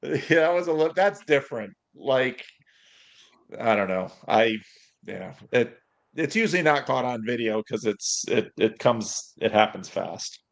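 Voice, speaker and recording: A man's voice: mid-range voice, expressive, measured pace, gravelly. A man, a pastor, talking frankly and steadily in a casual chat over a video call. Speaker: pastor, guest.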